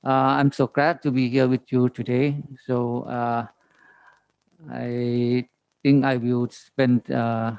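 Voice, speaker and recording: A man with a Thai accent giving a halting conference presentation on forestry, pausing often and asking for the next slide. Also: mid-range voice, level tone, gravelly, clean tone, no room sound, dull audio. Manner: halting, many fillers, reading slides. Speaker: government forestry official presenting.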